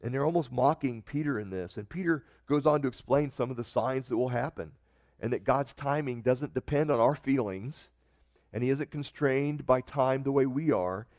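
A man's voice: medium pitch, normal speed, a little mellow, dry recording, muffled recording. A man preaching a sermon in a conversational way, reading scripture and often restarting his sentences. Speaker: pastor.

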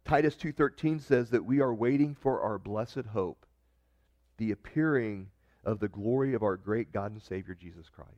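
A man's voice: fairly low pitch, normal speed, darkish tone, no echo. Male pastor preaching conversationally, dull dry sound. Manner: conversational preaching with restarts and scripture reading. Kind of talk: sermon.

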